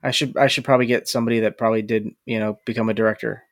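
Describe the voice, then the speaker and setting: A man co-hosting a podcast in casual chat, teasing his co-host in a deadpan, halting way. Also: on the low side, no echo, studio quality. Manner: teasing, deadpan, hesitant restarts.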